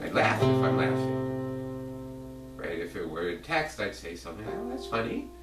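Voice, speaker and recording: A man rambling in a halting, self-interrupting way as he speaks straight to one person, thinking aloud. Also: low-pitched, animated. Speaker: video blogger. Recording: roomy, distant mic, loud guitar music. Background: loud guitar music.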